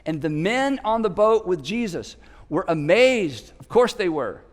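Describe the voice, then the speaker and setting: An animated male pastor preaching to a church, his voice high for a man. He swings from quiet asides to shouted lines as he tells the story. A long reverb of a big hall rings behind him. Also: measured pace. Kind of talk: sermon. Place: church auditorium.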